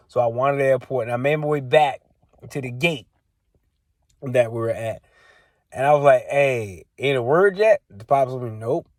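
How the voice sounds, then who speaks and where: A man's voice: medium pitch, no room sound. A young man telling a story in a casual, exasperated way, repeating himself for emphasis. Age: young adult. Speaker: vlogger.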